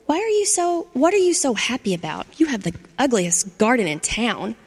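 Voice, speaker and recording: A woman voicing Frappy, a grumpy, spiteful male gardenia who shouts scornfully at his neighbor. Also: fairly high pitch, sing-song, normal speed, slightly rough, exaggerated voice. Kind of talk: storybook read-aloud. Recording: long hall reverb.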